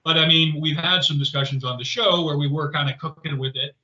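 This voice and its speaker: Male podcast co-host, rambling and animated, bright edge, a bit high, in a roomy space. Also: brisk. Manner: rambling, animated, many fillers and restarts. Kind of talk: casual conversational chat. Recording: roomy, slightly dull podcast audio.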